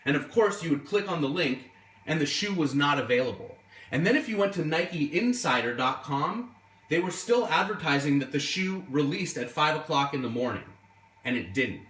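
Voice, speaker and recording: A man telling an animated, exasperated story in a casual vlog. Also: on the high side, moderate pace. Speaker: sneaker collector and museum host. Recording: echoey room, voice from far off.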